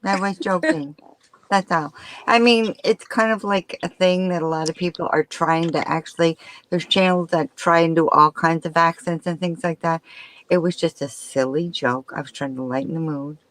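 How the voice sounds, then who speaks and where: Easygoing woman caller, low-ish voice. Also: fairly even intonation, normal speed, fairly bright tone, rough recording. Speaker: guest caller. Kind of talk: casual chat.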